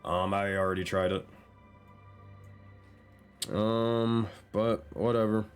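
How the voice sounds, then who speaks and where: A man's voice: fairly low pitch, steady tone, takes it slowly, clean tone, faint music behind. A man running a tabletop game on stream, talking casually, exasperated and swearing often. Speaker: game master.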